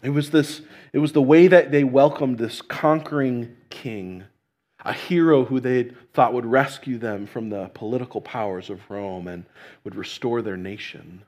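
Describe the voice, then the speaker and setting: A man's voice: medium pitch, moderate pace, darkish tone. A man preaching a sermon in a conversational way, often restarting phrases and checking in with "right?". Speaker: pastor.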